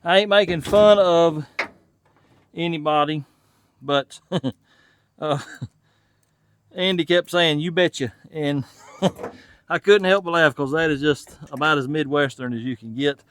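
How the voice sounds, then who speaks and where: Folksy Southern man, slightly high voice. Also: slow pace, long pauses, slight background noise. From Tennessee. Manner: folksy, thinks aloud while working. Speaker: channel host and mechanic. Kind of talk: casual narration while working on a truck.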